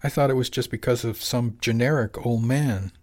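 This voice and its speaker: A man's voice: mid-range voice, steady tone, normal speed, close to an everyday voice. A man voicing a wry young woman deckhand.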